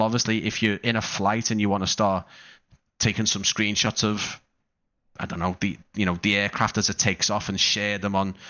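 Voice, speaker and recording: A man's voice: fairly low pitch, bright, forceful tone. A man hosting a casual live stream through a wireless headset mic, rambling with lots of fillers and restarts. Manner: rambling, many fillers and restarts, laughs often. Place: home streaming room. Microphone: wireless gaming headset.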